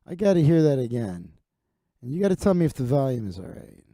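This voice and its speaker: A man's voice: mid-range voice, big pitch swings, fast talker, warm tone, no room sound, studio quality. A man hosting his own comedy livestream, rambling and cursing in a casual, self-deprecating monologue. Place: home streaming setup.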